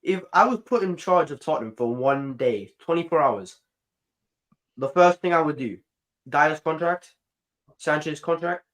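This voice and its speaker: A man guest on a casual football fan chat, playful and quick to protest. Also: on the high side, lively intonation, fairly bright tone.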